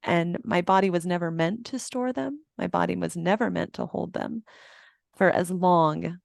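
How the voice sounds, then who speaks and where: Gravelly-voiced woman in her forties, reflective. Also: fairly low pitch, no echo, studio quality. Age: 40s. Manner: slow, searching, emotional talk about the body. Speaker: podcast guest, trauma embodiment coach. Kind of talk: reflective interview answer.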